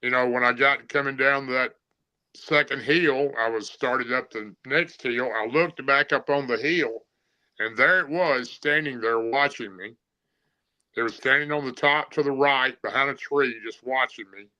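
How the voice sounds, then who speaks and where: A man's voice: medium pitch, a little slow, sharp tone, lo-fi sound. A man telling a story in a plain-spoken, rambling way, with many fillers. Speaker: guest telling an encounter story. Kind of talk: casual storytelling.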